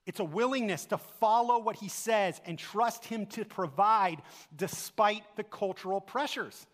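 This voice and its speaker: A man's voice: high voice, measured pace, a bit bright. A man preaching a sermon as pastor, earnest and full of rhetorical questions, recorded in a church sanctuary. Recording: long hall reverb.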